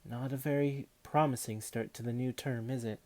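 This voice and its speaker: A man reading aloud voices a kindly mother who speaks softly and gently. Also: mid-range voice, steady tone, normal speed, lightly acted. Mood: gentle. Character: kindly, tidy mother of a family.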